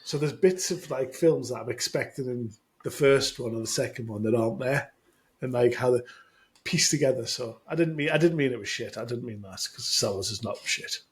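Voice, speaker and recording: A man co-hosting a casual podcast chat, rambling and self-deprecating with halting restarts. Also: mid-range voice. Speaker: podcast co-host.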